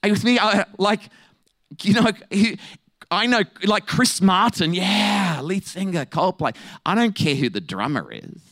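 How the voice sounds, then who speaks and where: A male preacher delivers a lively sermon full of jokes and quick asides. His voice sits a little high and keeps shifting between playful bursts and slower, weightier points. The recording is dry, with almost no room sound. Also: no echo. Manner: humorous, animated, quick asides with laughs.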